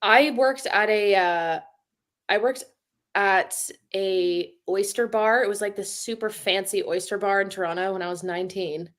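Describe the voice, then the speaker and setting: A woman's voice: mid-range voice, measured pace, fairly bright tone. A young adult woman co-hosting a livestream, telling a story in casual chat, acting out quotes and laughing often. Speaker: livestream co-host.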